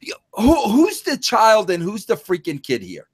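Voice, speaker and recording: Animated incredulous man, dry sound. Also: high voice, moderate pace, no room sound. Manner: incredulous, emphatic questions. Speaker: podcast host. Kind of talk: casual gossip chat.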